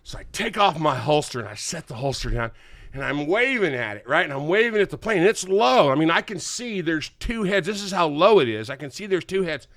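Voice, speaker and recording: An older man, hosting a podcast and telling an animated, laughing story. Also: a little high, brisk, dry recording. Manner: animated, laughing, acts out quotes. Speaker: podcast host. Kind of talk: casual storytelling chat.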